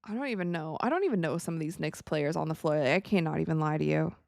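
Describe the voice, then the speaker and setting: Young woman, american, casual stream host, excitable reactions, dry sound. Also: low voice, fast talker, vocal fry, no room sound. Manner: chatty, excitable, reads viewer messages aloud. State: tired, yawning. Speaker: streamer hosting a watch party. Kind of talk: casual live-stream chat and game reactions.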